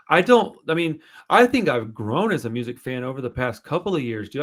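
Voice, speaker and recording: A man hosting a podcast in casual chat, rambling and swearing freely, self-deprecating. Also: mid-range voice. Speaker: podcast host.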